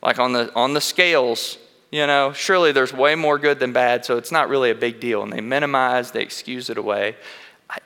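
A man's voice: mid-range voice, fairly quick, sharp tone, clean tone. A man preaching a sermon in a church, telling candid personal stories in an earnest way and often restarting his sentences. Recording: long reverb of a large hall.

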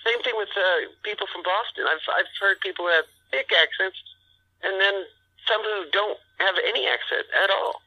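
A man's voice: high-pitched, normal speed, husky, highs cut off. A man guest in a casual chat, curious and easygoing, asking questions. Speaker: podcast guest.

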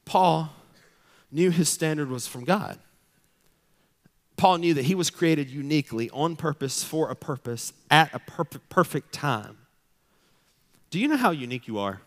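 A man's voice: a little high, expressive, unhurried, pauses often. A man in his thirties preaching a sermon as pastor, emphatic and repetitive, building to fervent declarations. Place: church sanctuary. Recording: long reverb of a large hall.

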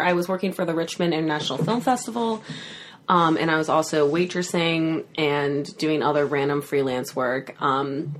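Guest, woman, 20s, slightly low voice; casual, rambling, laughs often. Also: slight background noise. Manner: rambling storyteller with frequent "like" and laughter. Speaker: podcast guest. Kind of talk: casual chat.

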